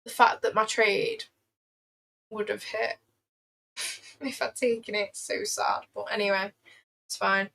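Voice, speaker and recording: A woman's voice: medium pitch, steady tone, a little slow, vocal fry, long pauses, fairly bright tone, poor audio. A young woman chatting casually on a livestream, playful and rambling as she reacts to her chat. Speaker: trading livestreamer.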